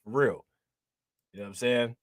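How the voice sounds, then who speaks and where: A man's voice: mid-range voice, moderate pace, dry recording. A man hosting a crypto livestream in casual chat, joking, laughing and slangy. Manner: joking, laughing, slangy, repeats "you know what I'm saying".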